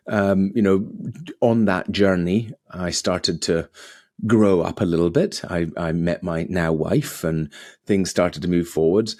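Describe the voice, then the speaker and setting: Lively low-voiced man. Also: no room sound, clean studio sound. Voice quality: animated, with many fillers and restarts. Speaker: podcast guest. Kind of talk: casual storytelling.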